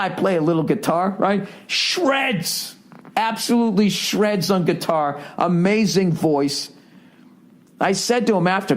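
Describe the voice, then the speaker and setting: A man in his late forties with a Boston accent, telling a story in a rambling, profane way on his podcast. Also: high voice. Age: 40s. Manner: rambling, profane, self-interrupting. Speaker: podcast host. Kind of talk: casual storytelling monologue.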